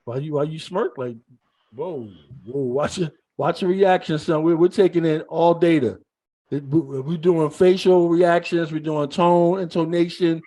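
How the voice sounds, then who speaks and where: A man's voice: fairly high pitch, steady tone, measured pace, dark tone. A man hosting a casual online panel chat, teasing guests with mock interrogation and stammering restarts. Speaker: show host.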